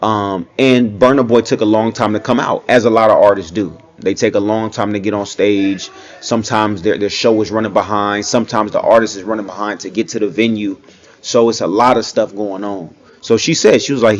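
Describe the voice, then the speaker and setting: A man's voice: lowish voice, brisk. A young man giving casual reaction commentary, talking loosely and often saying "you know what I'm saying.".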